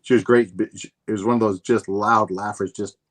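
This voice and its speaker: A man's voice: on the low side, fairly even intonation, fairly quick. A man hosting a comedy chat show, musing at length in a rambling way. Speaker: comedian host.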